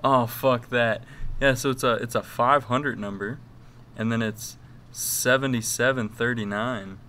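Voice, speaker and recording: A man's voice: medium pitch, steady tone, a little slow, bright, forceful tone, a little hiss or hum. A young man co-hosting a podcast, rambling through crude, joking stories with lots of fillers. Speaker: podcast co-host. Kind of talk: casual chat.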